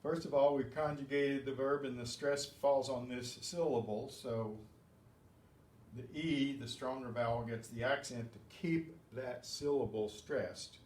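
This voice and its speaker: A man teaching a Spanish grammar lesson, explaining step by step and clearing his throat often. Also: mid-range voice, unhurried, a little mellow, recorded from a distance. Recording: echoey room with faint background hum.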